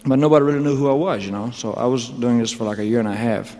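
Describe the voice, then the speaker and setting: A man's voice: mid-range voice, fairly even intonation, fast talker, mellow. A man telling his career story on a live stage, rambling with mumbled asides, wisecracks and chuckles. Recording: live hall with faint crowd ambience.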